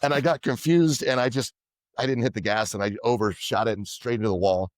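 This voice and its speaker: A man being interviewed as a podcast guest, telling lively anecdotes and acting out what others said. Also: mid-range voice, brisk, no room sound, studio quality. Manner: animated anecdotes, quoting others in dialogue. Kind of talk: casual storytelling interview.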